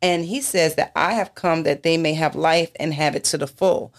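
A woman's voice: low-pitched, fairly even intonation, moderate pace. A woman minister in a church talk discussion, speaking emphatically and asking rhetorical questions.

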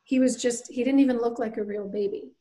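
A woman in her thirties from the Canadian Maritimes, with a fairly high voice, speaks in an interview. She is earnest and reflective and tells her own story at length, slipping into the voices of people she quotes. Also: fairly even intonation, brisk, mellow, low-quality recording. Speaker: guest, bereaved mother and author.

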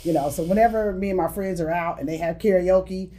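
A woman's voice: on the low side, brisk, mellow, a little hiss or hum. A middle-aged woman who is a podcast guest, chatting casually, laughing easily and exclaiming. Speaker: guest, city finance official. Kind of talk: casual chat.

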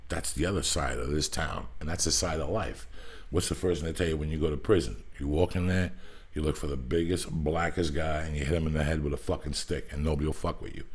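A man's voice: rumbling low, steady tone, quick pace, breathy edge. A man hosting a podcast, telling blunt, profane stories in casual chat. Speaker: podcast host.

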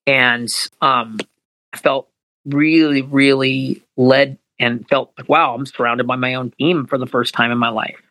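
A man's voice: medium pitch, fairly even intonation, measured pace, sharp tone, no room sound, poor audio. A man, a voice actor, chatting in an interview, rambling and earnest with many restarts. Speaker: voice actor guest. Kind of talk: casual interview chat.

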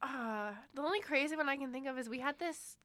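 A young woman, telling a work story in casual chat, animated and swearing freely. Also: high voice, a little fast, no echo.

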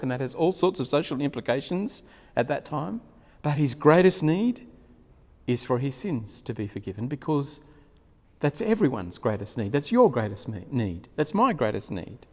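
A man preaching a sermon, retelling a story in an animated way with frequent chuckles. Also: mid-range voice. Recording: long hall reverb.

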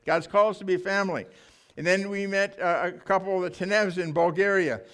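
An older male preacher with a notably high voice, telling a sermon through lively, emotional stories from the pulpit. He talks with many restarts and rising feeling, addressing a church congregation. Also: brisk. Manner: animated, emotional storytelling with restarts. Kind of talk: sermon storytelling.

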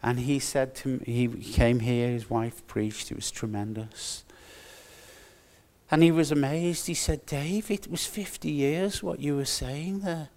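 A man's voice: mid-range voice, darkish tone. An older man preaching a sermon, earnest and emphatic, repeating his key phrases. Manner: earnest, slow and emphatic with repetitions.

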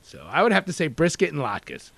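A talkative chef from New York telling stories in an animated, rambling way, full of "you know.". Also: male voice, a little high, brisk, creaky, no echo. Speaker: executive chef and deli owner. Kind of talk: casual interview talk.

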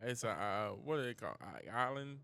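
A man's voice: fairly low pitch, sing-song, fairly quick, creaky, bright, forceful tone, clear, resonant tone, no room sound. A man co-hosting a podcast, chatting casually in loose, profane banter and laughing often. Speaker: podcast co-host. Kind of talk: casual chat.

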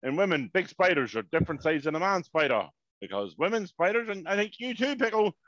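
A man, co-hosting a podcast, telling stories in an animated, swearing rant. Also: sits high, fairly quick, dry recording. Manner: animated, swearing, ranting storyteller. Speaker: podcast co-host. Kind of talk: casual chat. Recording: dry, dull lo-fi podcast mic.

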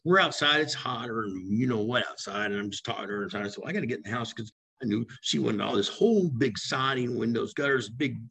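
Man, co-host, casual storytelling, very raspy, fast talker, acts out voices. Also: medium pitch, a bit bright. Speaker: home sales veteran, podcast co-host.

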